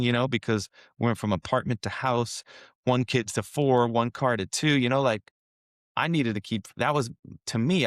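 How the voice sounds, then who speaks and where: A man with an average-pitched voice tells an earnest personal story. The recording is close and dry, and he sometimes shifts into direct, heartfelt advice. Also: dry recording. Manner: earnest, emotional, coaching tone. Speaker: podcast guest, wealth manager. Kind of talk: casual conversational storytelling.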